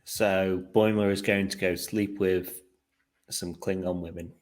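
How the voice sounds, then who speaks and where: A man's voice: sits low, fairly even intonation, a little slow. A man co-hosting a podcast in casual chat, with dry, teasing remarks. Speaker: podcast co-host.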